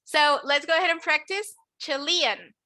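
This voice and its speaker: A woman teaching an online English class, saying words slowly for students to repeat. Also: high-pitched, lively intonation, a loud crowd. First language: Spanish. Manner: slow, drawn-out model words for repeating.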